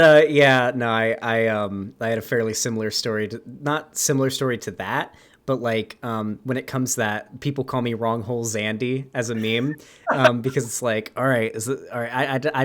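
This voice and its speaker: A man's voice: medium pitch, steady tone, normal speed, fairly bright tone. A man hosting a casual chat, blunt and crude, who likes to tease his guest. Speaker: host.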